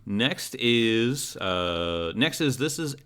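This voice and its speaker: The speaker is a man at a medium pitch, very slow and expressive, his clean tone pushed and bright. He's the game master of a tabletop role-playing game, helping with character creation while filling his speech with fillers and restarts.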